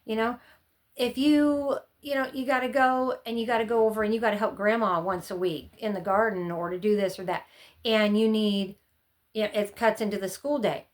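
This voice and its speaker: A woman's voice: mid-range voice, steady tone, moderate pace. A middle-aged woman chatting casually to camera, giving rambling, friendly advice from her years as a homeschooling mom. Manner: chatty and rambling, often acts out her own past panics.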